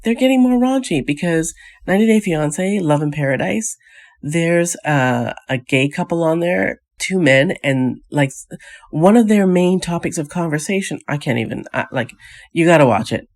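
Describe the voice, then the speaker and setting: A woman's voice: low-pitched, animated, normal speed, a little mellow. A woman hosting a casual vlog. She rants with exasperated, scoffing rhetorical questions and rambles with frequent restarts. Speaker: vlog host. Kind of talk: casual reality TV recap commentary.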